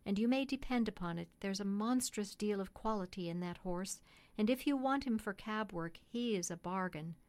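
Woman reads a pushy storybook horse seller, quick and loud. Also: mid-range voice, natural voice. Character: eager adult male horse salesman.

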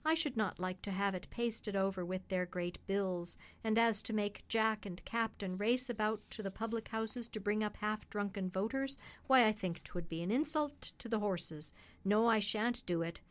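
A woman reading the part of a principled working cab driver, a father who speaks gravely and firmly. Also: mid-range voice, normal speed, natural voice. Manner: grave, firm and earnest. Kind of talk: reading a children's classic on radio.

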